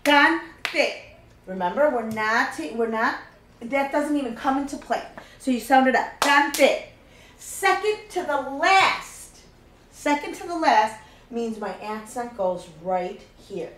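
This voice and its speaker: A woman's voice: on the high side, a little slow, fairly bright tone, reverberant, a little hiss or hum, low-quality recording. A woman teaching a Spanish grammar lesson, patiently walking through each step and repeating key points.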